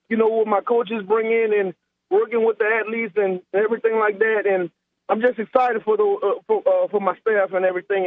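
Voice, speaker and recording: A man with a South Louisiana accent, a head track coach, talking in a relaxed, rambling way and repeating words in a phone-in interview. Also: sits high, dry recording. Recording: tinny phone line.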